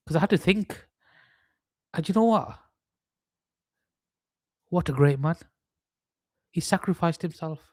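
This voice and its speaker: A man's voice: high voice, no echo. A young man hosting a live trading stream, mixing chart analysis with rambling, mock-serious joking rants.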